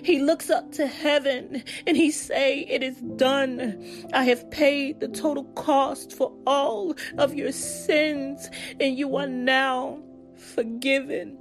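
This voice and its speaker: A woman reciting a spoken-word devotional poem in a slow, solemn, intense way, repeating its refrains. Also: high-pitched, steady tone, faint music behind. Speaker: devotional poet.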